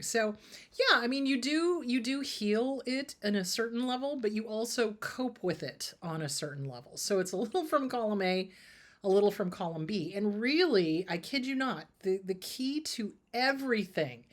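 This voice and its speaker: A middle-aged woman therapist answering viewer questions in a casual, animated way, acting out the dialogue she quotes. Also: mid-range voice. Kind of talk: casual advice talk.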